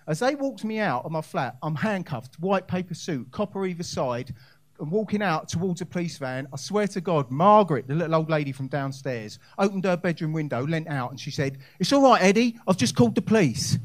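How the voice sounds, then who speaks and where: A man's voice: fairly high pitch, lively intonation, a little fast. Brash man telling a stand-up story. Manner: brash, addresses the crowd directly. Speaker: stand-up comedian. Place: comedy club stage.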